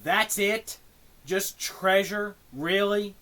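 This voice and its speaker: A man's voice: high-pitched, very slow, pushed and bright. A young man streaming a chatbot role-play game, casual and exasperated, swearing often. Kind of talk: casual live-stream commentary.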